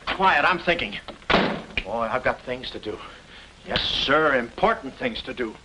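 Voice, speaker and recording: An actor playing a wisecracking, flustered amateur sleuth in a 1940s comedy film. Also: male voice, medium pitch, lively intonation, measured pace, heavy background noise, lightly acted. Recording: old film soundtrack with music.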